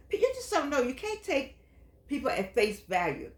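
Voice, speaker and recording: A woman's voice: a little high, big pitch swings, a little fast, a bit bright, reverberant. An older woman hosting a senior-life show, talking in an earnest, chatty way with preacher-like emphasis and reading from a book. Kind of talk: casual motivational talk with book reading.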